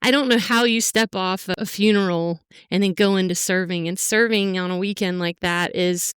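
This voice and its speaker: A middle-aged woman sharing her own story on a podcast, earnest and halting, pausing often. Her voice is very smooth and clear. It sounds dry and close, with no room around it. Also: mid-range voice, steady tone, dry recording. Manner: heartfelt, halting, full of fillers. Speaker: podcast guest. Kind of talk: emotional personal interview.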